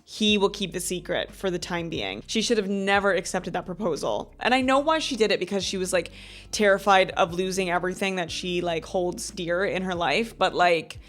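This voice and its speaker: A woman's voice: lowish voice, moderate pace, a bit bright. A woman in her thirties hosting a casual book review vlog. She talks in a gushing, dramatic way and says "like" often. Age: 30s. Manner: gushing and dramatic, heavy use of "like". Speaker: book club host.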